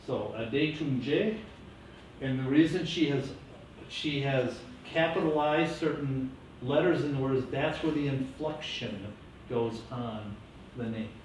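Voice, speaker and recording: A man teaching a classroom lecture, lively and coaching his students. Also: medium pitch, slow. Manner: lively, coaching students through name pronunciation. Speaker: teacher educator. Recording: echoey classroom from far off, faint hiss.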